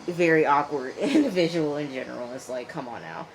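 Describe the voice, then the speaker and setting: A woman casually recapping a TV episode in a chatty, animated way, often checking in with "okay?" and acting out the people she quotes. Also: low-pitched, a little fast, slight background noise, rough recording. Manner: chatty, animated retelling with frequent "okay?" and fillers. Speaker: TV episode reviewer.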